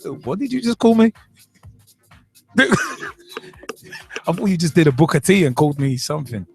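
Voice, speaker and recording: A man's voice: fairly high pitch, very animated, moderate pace, mellow, faint music behind. A man hosting a casual football podcast, rambling and joking between results. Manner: rambling, jokey, laughs at own asides. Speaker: podcast host. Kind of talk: casual football chat show.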